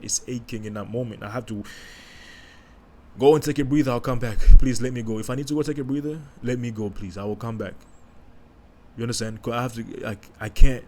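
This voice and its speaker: A man hosting a podcast, speaking in a candid, emotional personal monologue with halting restarts and casual slang. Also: medium pitch, a little mellow, a little hiss or hum. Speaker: podcast host.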